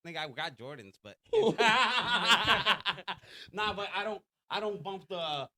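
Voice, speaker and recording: A man's voice: sits high, lively intonation, slow pace, a crowd in the background. A man from Puerto Rico with a Puerto Rican accent, a guest chatting casually on a podcast in a loose, profane way. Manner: loose, profane, full of fillers.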